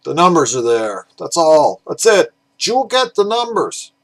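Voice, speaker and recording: A man's voice: mid-range voice, fairly quick, bright, forceful tone, breathy edge, voice pushed up. A man putting on a mock German voice for a stiff, curt figure reading out numbers.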